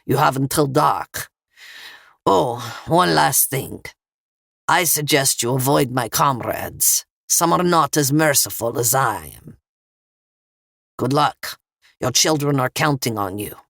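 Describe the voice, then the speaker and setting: A woman's voice: a bass voice, animated, slow, vocal fry, fairly bright tone, no room sound, clean studio sound, voice pushed down, full character voice. A woman voicing a menacing male gunman with a Russian accent, cold and smirking, in an audiobook. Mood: mocking.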